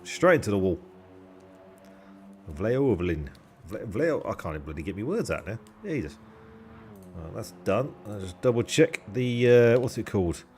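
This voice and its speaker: A man's voice: on the low side, big pitch swings, moderate pace, pauses often, a little mellow, slight background noise. A young man commentating a sim race on a live stream, chatty and jokey, with casual swearing and thanks to subscribers.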